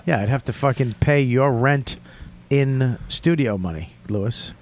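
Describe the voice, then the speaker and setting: A man's voice: mid-range voice, unhurried, slight background noise. A male podcast host in casual chat who stammers, swears and throws out punchy bursts of sound.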